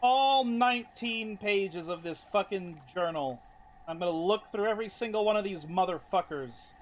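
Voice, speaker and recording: A man's voice: high-pitched, moderate pace, a little hiss or hum. A man streaming a video game, talking casually, exasperated and swearing heavily. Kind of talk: casual live-stream commentary.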